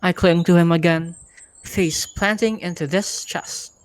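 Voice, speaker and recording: A woman hosting a live reading night and narrating a first-person story in a steady, easygoing way. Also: lowish voice, a little slow. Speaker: host and narrator.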